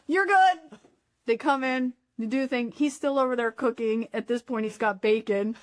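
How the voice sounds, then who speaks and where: Woman with a high voice telling a funny story, laughing and doing people's voices, dry room. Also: steady tone, measured pace, dry recording. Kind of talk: casual storytelling chat.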